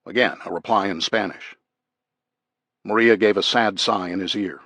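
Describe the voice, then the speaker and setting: Low-voiced male audiobook narrator. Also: moderate pace, long pauses, sharp tone, no room sound. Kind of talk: scripted narration.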